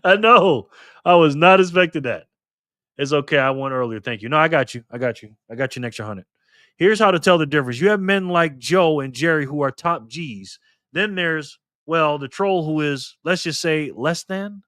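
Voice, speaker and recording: A man's voice: a little high, moderate pace, a bit bright, dry recording, studio quality. A man hosting a casual livestream, chatting and laughing as he reads viewer comments aloud. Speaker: livestream host.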